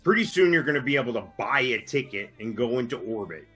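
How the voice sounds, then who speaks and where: A man's voice: medium pitch, expressive, fast talker, pushed and bright, husky, faint music behind. Chatty middle-aged man telling a story. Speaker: podcast co-host. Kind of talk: casual storytelling chat.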